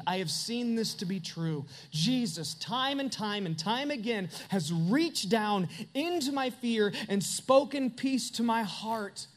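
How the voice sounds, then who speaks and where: A middle-aged man preaching a sermon as pastor, earnest and confessional, building to emphatic peaks. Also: very high-pitched.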